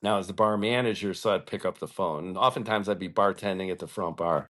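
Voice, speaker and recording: A man's voice: low-pitched, fast, a bit bright. Podcast host, man, blunt and profane, casual ranting storyteller.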